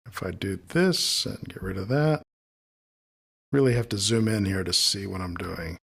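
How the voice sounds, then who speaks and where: A man's voice: deep voice, moderate pace, vocal fry, fairly bright tone, husky. A man teaching audio editing, thinking aloud as he trims clips and mutters asides to himself. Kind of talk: screen-recorded editing tutorial.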